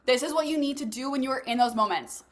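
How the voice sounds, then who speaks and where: Young woman, high voice, motivational coach, casual, blunt, swears, talks straight to listeners. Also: fast. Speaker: host leading a live masterclass.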